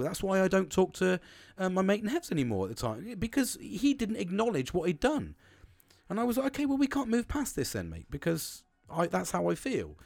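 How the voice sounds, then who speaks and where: A man's voice: sits high, darkish tone, dry recording. A man speaking bluntly and swearing often in a frank, casual monologue about communication.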